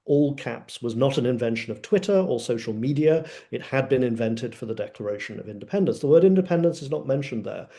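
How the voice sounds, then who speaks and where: Male panelist, mellow tone, emphatic lecturing with frequent hesitations. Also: mid-range voice, expressive, a little fast, hardly any pauses. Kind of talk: academic webinar talk.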